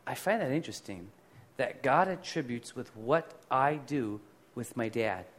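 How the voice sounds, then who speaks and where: A male pastor preaching in a relaxed, conversational way, built around personal stories. His delivery is animated, jumping from loud emphatic bursts to soft, low asides. His voice sits at an ordinary middle pitch for a man. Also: measured pace. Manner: animated, swings between loud and quiet.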